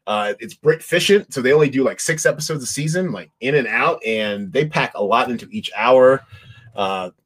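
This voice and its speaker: A man talking casually with a co-host about the shows he has been watching. His sentences wander, break off and restart, with plenty of fillers along the way. His voice sits at an average pitch. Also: animated, moderate pace, fairly bright tone. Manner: rambling, many restarts and fillers. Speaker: podcast host.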